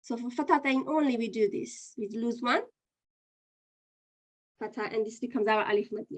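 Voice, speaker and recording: A woman's voice: fairly high pitch, normal speed. A woman teaching an online Qur'an reading lesson, patiently explaining step by step and running a quiz.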